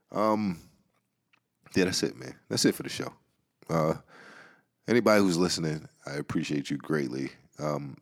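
A man hosting a solo podcast, rambling casually with a Georgia accent, swearing and laughing often as he talks. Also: very deep voice. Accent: Southern US, Georgia. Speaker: podcast host.

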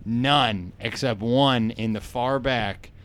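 A man's voice: medium pitch, slow pace, a bit bright, clean tone. A young adult man, a comedy podcast co-host, telling a rambling story in casual chat and acting out the lines of the people in it. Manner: rambling, laughing, acts out quoted lines.

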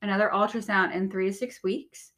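A woman's voice: mid-range voice, fairly even intonation, a little fast, fairly bright tone. A woman speaking as a podcast guest, candidly recounting a personal story in casual conversation with many "like" fillers. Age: young adult or older.

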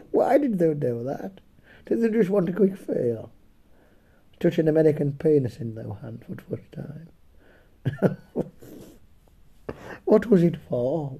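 A man with a slightly hoarse voice telling a rambling, profane comic story, chuckling and tagging his lines with "eh?". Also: on the high side, big pitch swings, slow, pauses often, warm tone. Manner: foul-mouthed, rambling, chuckling, tags lines with "eh?". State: a bit hoarse. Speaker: comedic storyteller. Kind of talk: profane comedic storytelling chat.

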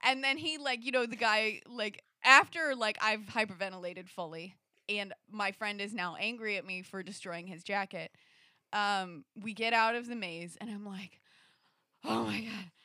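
A woman telling a personal story in a casual, animated way, full of fillers and restarts. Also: mid-range voice, normal speed, dry recording, studio quality. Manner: acts out quoted lines, rising into shrieks. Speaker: storyteller in a conversation.

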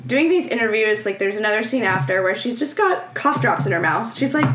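A woman's voice: medium pitch, brisk, few pauses, roomy sound, soft background music. A woman chatting casually as a podcast co-host, telling a story with lots of acted-out quotes and frequent laughter. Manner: animated storytelling, acts out quotes, laughs often. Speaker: podcast co-host recapping a film. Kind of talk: casual chat.

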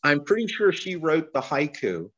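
A man talking as a guest poet in a casual interview, rambling and halting with lots of fillers and restarts. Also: on the high side, sing-song, a bit bright, husky, dull audio.

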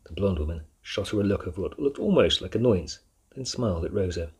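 A man reading an audiobook aloud in a steady storytelling manner. His voice sits very low and sounds heavily husky throughout. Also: a little fast. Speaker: narrator. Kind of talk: audiobook narration.

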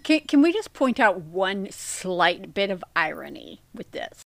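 A woman's voice: mid-range voice, very animated, a little slow, vocal fry, a bit bright. A woman co-hosting a casual podcast, cracking crude sarcastic jokes and swearing freely. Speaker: podcast co-host.

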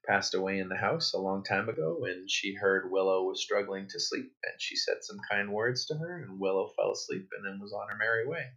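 A man in his thirties, a guest author, telling a personal story in a relaxed, rambling way with many fillers and restarts. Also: on the low side, fairly quick, few pauses. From New Hampshire, United States. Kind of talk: conversational interview storytelling. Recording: dull lo-fi audio.

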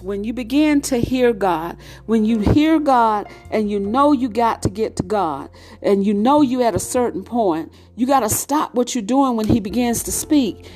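A woman preacher with a somewhat high voice delivers a sermon, driving her points home with repeated, emphatic phrases. Soft music plays faintly underneath her. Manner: repetitive, emphatic preaching cadence.

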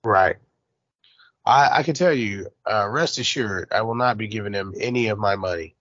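A middle-aged man hosting a podcast, talking bluntly and profanely with quick jabs. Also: on the low side, fairly bright tone, no echo, dull audio. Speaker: podcast host. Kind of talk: casual chat.

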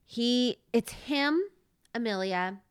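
A woman's voice: a little high, takes it slowly, smooth, no room sound, clean studio sound. A woman co-hosting a casual movie podcast, joking and rambling through a plot retelling. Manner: playful, giggly, rambling retelling. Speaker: podcast co-host. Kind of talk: casual movie-review chat.

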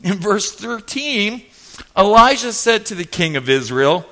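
A male pastor preaching a sermon, telling a story with jokes and animated energy. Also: high voice, a little slow.

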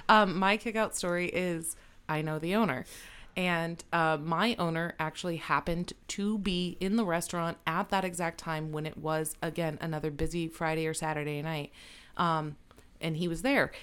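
A woman's voice: sits low, steady tone, normal speed, fairly bright tone, clear, resonant tone. A woman who manages a restaurant, telling a story in a casual chat, swearing freely and laughing often.

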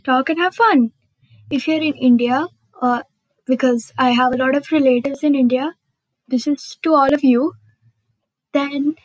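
Slow-talking high-voiced bubbly woman podcaster. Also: no echo, poor audio. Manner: chatty and bubbly, frequent fillers, laughs at herself. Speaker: podcast host. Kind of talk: casual solo podcast chat.

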